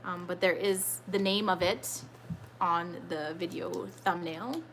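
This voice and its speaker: A woman's voice: fairly low pitch, steady tone, slow pace, background noise. A woman in her thirties hosting a casual trivia live stream from home, chatty and rambling as she answers viewer comments. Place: home with children nearby.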